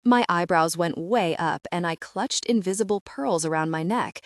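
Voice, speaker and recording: A woman reading a first-person romance audiobook in an expressive, wry way, close to the mic. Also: fairly low pitch, moderate pace, few pauses, no room sound. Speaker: audiobook narrator.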